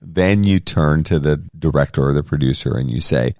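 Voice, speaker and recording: A man's voice: a bass voice, moderate pace, a little mellow, no room sound, studio quality. A middle-aged man co-hosting a podcast, talking in a casual, earnest and rambling way with frequent restarts. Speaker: podcast co-host. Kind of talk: casual conversation.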